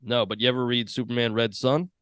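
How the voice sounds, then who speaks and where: A man's voice: medium pitch, flat delivery, quick pace, a bit bright, dry recording, clean studio sound. A man co-hosting a podcast, chatting casually, joking, laughing often and swearing. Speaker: podcast co-host. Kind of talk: casual chat.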